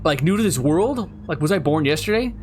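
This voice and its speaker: Playful let's-play host, man, lively and slightly high voice. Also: brisk, slight background noise. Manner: playful, teasing, jokes to viewers. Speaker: gaming video host. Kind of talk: casual let's-play commentary.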